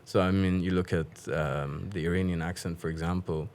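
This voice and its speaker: A man whose first language is Dari, chatting quickly and animatedly as a podcast guest, often laughing. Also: low-pitched, steady tone, a little mellow, slight background noise. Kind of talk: casual interview chat.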